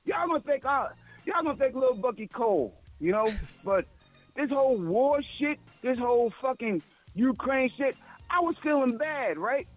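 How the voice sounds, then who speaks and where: A man with a strikingly high voice co-hosts a casual podcast. He rants loudly and swears freely, talking in a rough, blunt way. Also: animated, normal speed, muffled recording, soft background music. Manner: loud, profane ranting. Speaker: podcast co-host.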